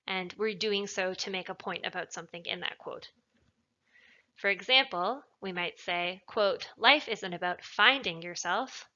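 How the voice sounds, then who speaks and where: Woman tutor, bright clear explainer, lesson narration on a dull lo-fi recording. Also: medium pitch. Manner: clear, explanatory, leans on stressed words. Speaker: writing tutor.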